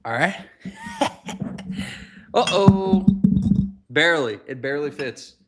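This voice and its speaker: A man chatting casually on a livestream in a loose, joking, rambling way. He talks from home and later from his garage, carrying his phone as he goes. His voice sits at an everyday pitch. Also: animated, normal speed. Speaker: whiskey livestream host. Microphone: handheld phone.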